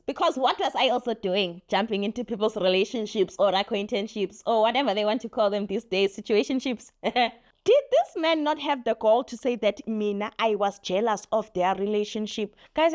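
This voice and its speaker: A young woman telling a story on her vlog in a lively, laughing way, acting out what people said. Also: on the high side. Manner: animated, laughing, acts out quotes. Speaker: vlogger. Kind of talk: casual story time.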